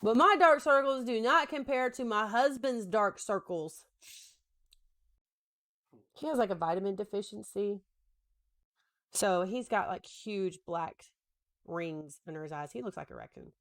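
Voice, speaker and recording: A woman's voice: mid-range voice, a little slow, pauses often, a bit bright. A woman in her thirties chatting casually while she does her makeup, rambling and joking about herself, now and then talking to her husband. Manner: rambling, self-deprecating, talks to husband between steps. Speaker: makeup vlogger.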